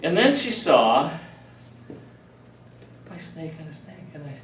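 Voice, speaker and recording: An older man telling a personal story in a rambling, animated way, acting out the voices of people he quotes. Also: a little high, takes it slowly, very noisy. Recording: roomy, distant mic.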